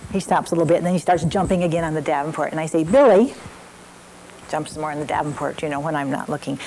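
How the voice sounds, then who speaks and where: Older female instructor, story-driven class talk, low and mellow, some faint noise. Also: low-quality recording. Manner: warm storytelling with examples, frequent fillers. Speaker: parenting class teacher. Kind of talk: evening parenting class talk.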